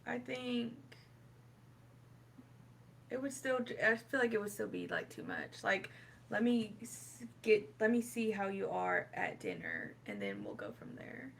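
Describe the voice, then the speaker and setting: A woman's voice: mid-range voice, huge pitch swings, a little slow, creaky. A woman in casual podcast chat, talking hesitantly and restarting her sentences. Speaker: podcast co-host. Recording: noisy background.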